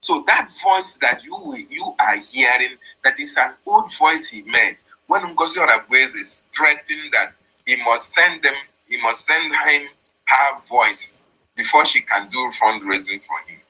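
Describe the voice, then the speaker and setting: A man's voice: medium pitch, expressive, a little slow, bright, forceful tone, slightly rough, rough recording. A man, explaining and interpreting a played voice message in a repetitive, emphatic way. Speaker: commentator.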